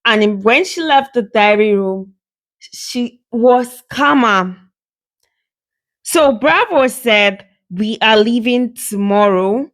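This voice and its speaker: A woman's voice: fairly high pitch, expressive, slow pace. A woman casually narrating a reality show recap in a loose, rambling storytelling way with fillers.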